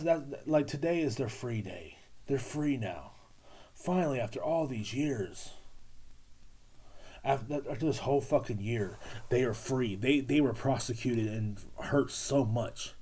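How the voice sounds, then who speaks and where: A man's voice: mid-range voice, warm tone, breathy edge. A young adult man, rambling sarcastically and profanely through a solo podcast monologue, full of fillers. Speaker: podcast host.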